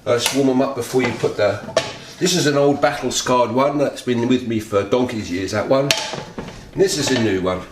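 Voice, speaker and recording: A man's voice: mid-range voice, moderate pace, noisy background. A chatty man hosts a casual home cooking demonstration and talks straight to his viewers. His talk wanders as he cooks. His voice rings around a kitchen full of echo, with pans and cutlery clattering behind him. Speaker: home cooking video host.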